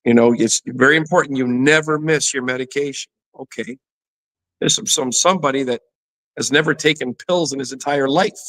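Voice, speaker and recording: A man's voice: mid-range voice, normal speed, fairly bright tone, low-quality recording. A middle-aged man, a former athlete turned fitness trainer, candidly telling a personal story in an interview, full of "you know" fillers. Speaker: guest, former pro football player and fitness trainer.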